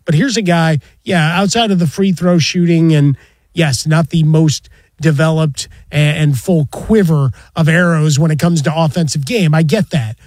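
A man's voice: fairly high pitch, normal speed, a little mellow, no echo. Wry male sports radio co-host. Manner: wry, analytical, dry asides. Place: radio studio. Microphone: studio mic.

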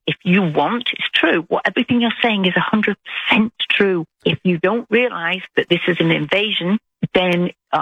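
British woman caller, gravelly and husky voice, dull phone-line sound. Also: fairly low pitch, no echo. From United Kingdom. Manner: earnest, rambling with restarts. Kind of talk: call-in talk radio.

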